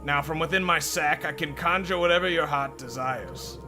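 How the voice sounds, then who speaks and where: A man voicing a scruffy male goblin peddler in a game's text, hurried and fussy. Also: on the high side, over music, voice pushed up, close to an everyday voice.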